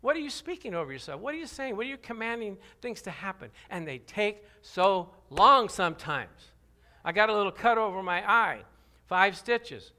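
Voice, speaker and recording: A man preaching a sermon, animated and lively. His voice sits high and sounds bright and forceful. He swings from low, quiet scripture reading to loud cries, and keeps asking questions of the congregation. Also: normal speed. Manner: animated, laughs often, calls out to the congregation. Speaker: pastor.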